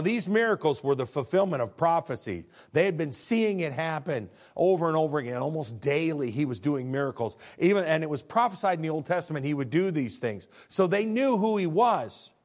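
This sermon comes from a middle-aged pastor with an animated delivery. He acts out dialogues, shifting between subdued low lines and near shouts.

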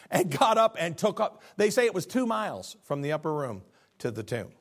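A middle-aged male pastor delivering a lively sermon. His voice sits high and leaps between low, hushed stretches and excited peaks. He slips into quick acted bits of biblical figures as he preaches.

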